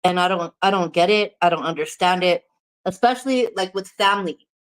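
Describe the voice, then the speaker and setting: A woman's voice: on the low side, a little fast, rough recording. A woman vlogger from New Mexico chatting casually to the camera, candid, swearing freely and laughing often.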